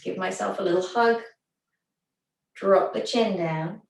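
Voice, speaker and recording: A woman leads a gentle stretching and breathing class, talking calmly and slowly through each step. Her voice sits at a middle pitch and comes from a little way off the mic, with a roomy echo around it. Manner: calm, gentle step-by-step instructions. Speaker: recovery class instructor. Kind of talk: guided gentle exercise class. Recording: echoey room, voice from far off.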